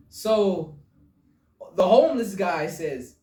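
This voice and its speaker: Seated away from the mic in an echoey room, this woman hosts a podcast, laughing and stammering as she makes crude remarks about jokes. Her mid-range voice is a little mellow, and she takes her time.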